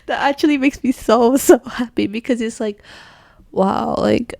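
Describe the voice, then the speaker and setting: A woman's voice: a little high, measured pace, gravelly, mellow, dry recording, studio quality. A young woman rambling in a casual rant from her bedroom, scattered and self-mocking, laughing and sighing between thoughts. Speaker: vlogger.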